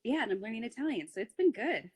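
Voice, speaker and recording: A woman's voice: on the high side, animated, fast, breathy edge. A woman chatting casually on a phone live stream, reading out fan questions, giggly and full of "like". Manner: giggly, lots of "like".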